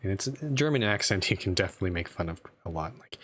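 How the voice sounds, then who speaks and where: A man's voice: low-pitched, animated, fast talker, hardly any pauses, fairly bright tone. A man streaming a strategy game, chatting casually and self-deprecatingly with lots of restarts. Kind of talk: casual live-stream commentary.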